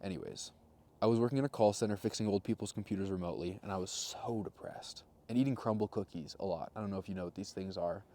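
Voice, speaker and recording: Young man in his twenties, low-pitched, casual vlogger, wry deadpan storyteller. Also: fast talker, a little hiss or hum. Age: 20s. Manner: wry, self-mocking storyteller with deadpan jokes. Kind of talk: casual rambling monologue.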